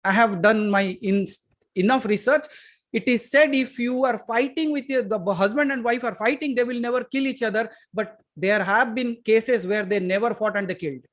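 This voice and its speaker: With a very high-pitched voice and a moderate pace, a spiritual teacher with an Indian English accent gives a satsang talk before a live audience. His emphatic delivery ranges from loud to hushed, and he asks listeners questions head-on.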